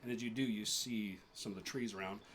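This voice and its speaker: A low-voiced man running a tabletop game, describing the scene in a steady, flat tone with many little pauses and fillers. A faint hiss of noise sits under his voice. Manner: descriptive, halting narration with fillers. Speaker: game master.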